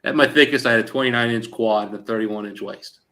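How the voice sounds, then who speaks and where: Bright-voiced man telling a story. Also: on the low side, quick pace. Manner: animated storyteller quoting others in dialogue; frequent fillers like "like" and "he goes". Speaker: show host. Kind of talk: casual chat.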